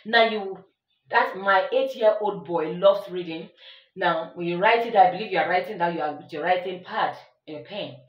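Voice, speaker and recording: A woman's voice: fairly low pitch, fairly quick, dull audio. A woman teaching an English grammar lesson, emphatic, repeating her examples and checking that the listener follows. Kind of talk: classroom-style grammar lesson. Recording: echoey room, voice a bit far from the mic.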